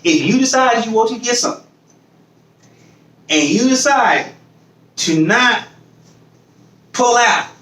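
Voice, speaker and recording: A man's voice: very high voice, animated, slow pace, pauses often, a bit bright, reverberant, distant mic, low-quality recording. A man hosting a podcast in casual chat, swearing freely, acting out other people's voices and laughing often. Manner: swears freely, repeats phrases while building a point. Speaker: podcast host.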